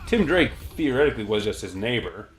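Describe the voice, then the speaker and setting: A man's voice: mid-range voice, big pitch swings, brisk. A man casually chatting and rambling about comics while reacting aloud to the video game he is playing. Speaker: gaming channel host.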